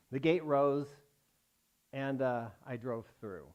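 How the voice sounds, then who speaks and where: A man, a rabbi, giving a sermon as a wry, self-mocking personal story, pausing for the congregation's laughs. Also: medium pitch, lo-fi sound. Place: synagogue sanctuary with a congregation.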